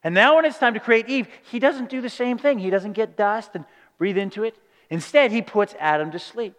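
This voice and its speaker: A man preaching a sermon, lively and conversational, often asking "right?" and acting out quoted voices. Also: high-pitched. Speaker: pastor. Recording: reverberant hall.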